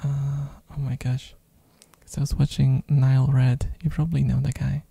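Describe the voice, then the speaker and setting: An ASMR streamer rambling in a soft-spoken way, hoarse from a throat infection, with lots of fillers and little giggles, close on a binaural mic. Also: mid-range voice, level tone, moderate pace, dry recording.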